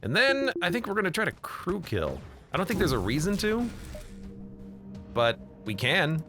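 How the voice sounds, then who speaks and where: A man's voice: high-pitched, huge pitch swings, normal speed, over music. A man streaming a video game. He reads the game text aloud and jokes about it in casual commentary.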